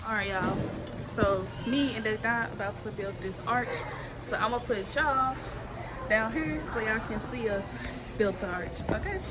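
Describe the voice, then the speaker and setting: Playful mom vlogging on a noisy phone. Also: female voice, a little high, moderate pace. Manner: playful, teasing, laughs often. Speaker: mother filming a family vlog. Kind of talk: casual chat to camera. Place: busy public attraction, walking around. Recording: noisy handheld phone audio.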